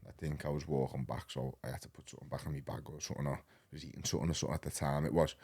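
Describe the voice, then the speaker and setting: Very deep-voiced Liverpool man telling stories. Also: rapid-fire, slightly rough. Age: 30s. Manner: rambling and animated, peppered with slang. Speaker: podcast guest. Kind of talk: casual storytelling.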